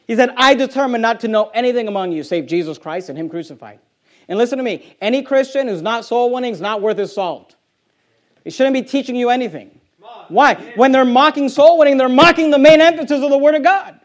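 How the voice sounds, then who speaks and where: A man's voice: very high-pitched, fairly quick. A man preaching a sermon as pastor, emphatic and confrontational, hammering home repeated phrases.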